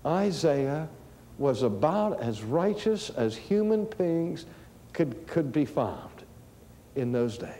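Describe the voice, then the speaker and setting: Slow, mellow-voiced preacher in a hall. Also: male voice, a little high, big pitch swings, slight background noise. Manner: slow deliberate preaching with rising emphasis. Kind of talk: sermon. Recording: long hall reverb.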